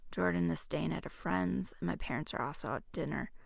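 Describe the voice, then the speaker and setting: Woman voicing a soft-spoken teasing young boyfriend. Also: deep voice, a little fast, gravelly, no room sound, studio quality, exaggerated voice. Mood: affectionate.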